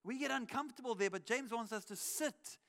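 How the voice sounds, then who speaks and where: Guy preaching in church on a cheek mic, highish voice, chatty, acts out the quotes. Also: fairly quick, vocal fry, fairly bright tone. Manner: conversational preaching, acts out quotes, wry asides. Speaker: pastor. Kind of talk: sermon. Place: church auditorium. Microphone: cheek headset microphone.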